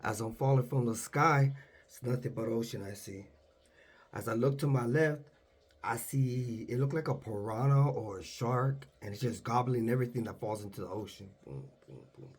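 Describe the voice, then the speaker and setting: A young man casually retelling a vivid dream in a hushed, low-key way, acting out the dialogue. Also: moderate pace, breathy edge. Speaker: storyteller.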